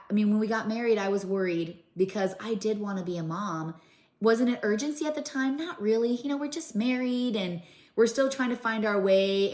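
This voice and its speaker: A middle-aged woman recounts her story to camera in an earnest, emotional vlog. Her voice sits a little low, and she often stops and restarts. The room has a noticeable echo. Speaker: vlogger.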